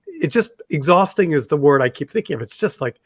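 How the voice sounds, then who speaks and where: A man co-hosting a casual discussion show, with a voice on the higher side for a man. He tells stories in a loose, rambling way, and the recording sounds dry and close. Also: very animated, brisk, no room sound. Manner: conversational storyteller, rambling with fillers and restarts. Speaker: podcast co-host.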